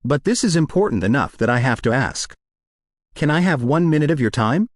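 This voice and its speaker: A man's voice: fairly high pitch, expressive, a little fast, no echo, studio quality, natural voice. A man voicing an armored male hero leader, speaking in an urgent, politely insistent way. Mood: pleading.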